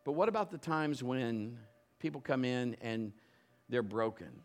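A male pastor preaching a sermon in a conversational storytelling way, building to loud emphatic bursts. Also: mid-range voice, expressive, a little slow.

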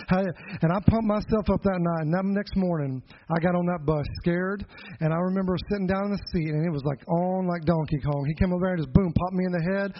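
A middle-aged pastor preaching a Sunday sermon, telling a childhood story in an earnest, folksy way with joking asides. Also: male voice, high voice, brisk, a little hiss or hum. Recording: dull lo-fi sound.

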